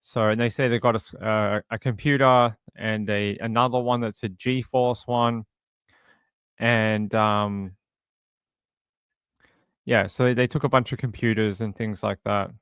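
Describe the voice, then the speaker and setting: A man's voice: fairly low pitch, fairly even intonation, unhurried, a bit bright, smooth, dry recording, clean studio sound. A man hosting a true crime channel, reading a police interview transcript aloud in a plain way, with fillers and restarts.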